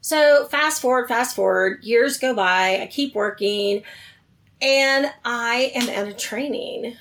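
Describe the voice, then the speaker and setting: A middle-aged woman telling a personal story in conversation, animated and acting out the voices she quotes, laughing between lines. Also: fairly high pitch, slow. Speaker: guest telling her life story.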